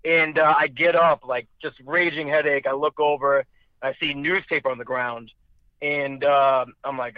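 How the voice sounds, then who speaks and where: A man's voice: fairly high pitch, steady tone, normal speed, smooth, no room sound. Profane rambling storyteller man, lo-fi. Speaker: storyteller guest. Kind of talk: casual chat. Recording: dull lo-fi dry sound.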